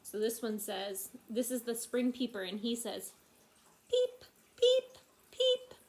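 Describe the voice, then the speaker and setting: A woman teacher reads a picture book aloud to young children, with a slightly high voice. She keeps it expressive and often stops to put questions to the kids. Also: moderate pace, gravelly.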